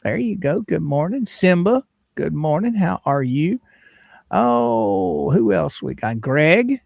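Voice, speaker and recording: A folksy man hosting a casual livestream. His voice swings up and down a lot in pitch, sitting a bit high for a man. The sound is dry and close, with no room echo. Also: big pitch swings, slow pace, vocal fry, darkish tone. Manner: folksy, greets viewers by name. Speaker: livestream host.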